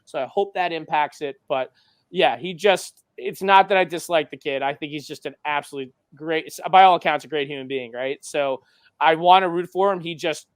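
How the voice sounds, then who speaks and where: A man's voice: fairly high pitch, moderate pace, no echo. A man who coaches hockey, a podcast guest giving frank, emphatic opinions in casual chat.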